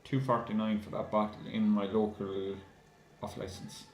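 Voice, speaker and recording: A man chatting casually to his viewers in a video review, calling them guys and filling pauses with lots of ums. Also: on the low side, flat delivery. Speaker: beer reviewer. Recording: roomy echo.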